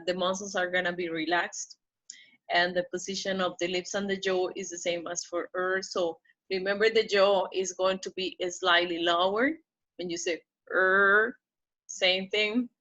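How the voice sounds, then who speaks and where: A woman teaching pronunciation in a slow, careful pace, her voice bright and clear. She stretches out each model word and keeps checking in with her listeners. The recording sounds a little dull and lo-fi. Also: medium pitch. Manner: drawn-out model words, checks in with "okay?".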